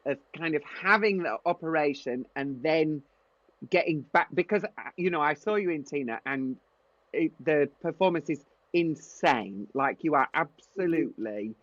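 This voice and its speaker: A man's voice: a little high, animated, moderate pace, fairly bright tone, no echo, dull audio. A man with a Yorkshire accent co-hosting a podcast, asking friendly, rambling questions. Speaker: podcast co-host. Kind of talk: casual podcast chat.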